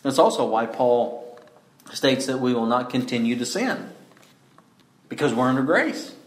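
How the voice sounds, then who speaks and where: A man preaching a sermon, emphatic, often asking rhetorical questions and slowing down to stress key words. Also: medium pitch, very animated, roomy sound.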